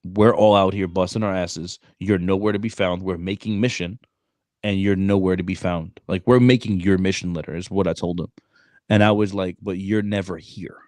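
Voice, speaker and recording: A man's voice: low voice, normal speed, dry recording. Slang-heavy man telling a story. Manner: animated, streetwise slang, frequent "bro". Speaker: podcast co-host. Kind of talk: casual storytelling chat.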